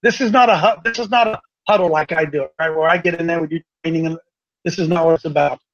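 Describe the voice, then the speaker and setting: A man from Ohio hosting a casual broadcast, folksy and excitable, repeating himself as he makes announcements. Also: on the high side, fast. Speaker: host. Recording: dull lo-fi sound.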